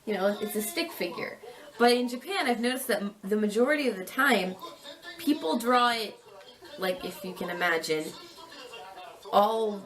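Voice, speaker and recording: A woman's voice: medium pitch, expressive, moderate pace, pauses often, a bit bright. A young woman on a student exchange, chatting casually with a friend, giggly and thinking aloud with lots of hedges. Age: young adult. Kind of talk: casual chat.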